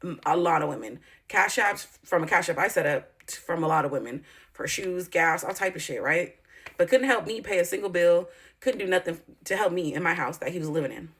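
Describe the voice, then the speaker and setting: A woman's voice: fairly low pitch, animated, brisk, a bit bright, breathy edge. A woman telling a personal story in a candid vlog, blunt and profane, rambling with filler words and breaking into indignant outbursts. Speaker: YouTuber.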